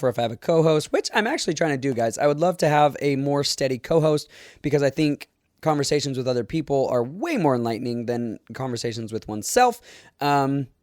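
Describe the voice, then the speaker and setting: A man's voice: mid-range voice, darkish tone, dry recording, studio quality. A young man hosting a solo podcast, talking in a casual, rambling way with fillers and little laughs. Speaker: podcast host.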